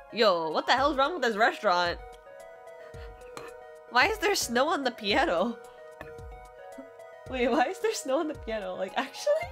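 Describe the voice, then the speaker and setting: A woman streamer giving casual, excitable gameplay commentary with frequent swearing. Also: sits high, unhurried, long pauses, soft background music.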